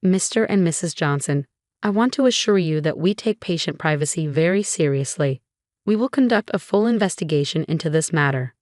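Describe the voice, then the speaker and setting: A woman's voice: low-pitched, expressive, a little fast, a little mellow, no echo, clean studio sound. A woman voicing a grave, formal administrator woman.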